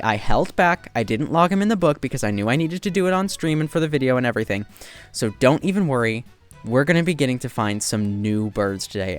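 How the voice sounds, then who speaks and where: Excitable man with lively gameplay chatter. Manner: excitable, jumps to high squeals when spotting birds; self-deprecating, joking asides. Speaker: gaming video creator. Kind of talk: casual gameplay commentary.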